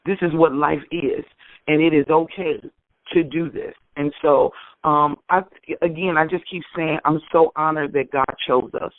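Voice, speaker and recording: A middle-aged woman co-hosting a radio discussion, talking in an emphatic, heartfelt way with sudden jumps in pitch. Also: fairly even intonation, moderate pace, dry recording. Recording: tinny phone-line sound, dry.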